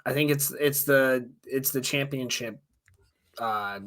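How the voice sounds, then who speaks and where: A man's voice: mid-range voice, slow pace, a bit bright. A man co-hosting a podcast who talks bluntly and rants with plenty of swearing. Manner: blunt, profane ranting. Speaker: podcast co-host. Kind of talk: casual chat.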